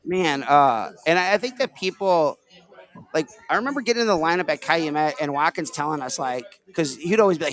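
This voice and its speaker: A man's voice: on the high side, lively intonation, brisk, fairly bright tone. A man from Illinois hosting a casual podcast, talking in a rambling, filler-heavy way. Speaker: podcast host. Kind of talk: casual chat.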